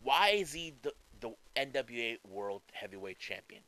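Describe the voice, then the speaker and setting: A man casually commentating on wrestling news, talking in an animated, conversational way with restarts. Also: medium pitch, moderate pace, no room sound, poor audio.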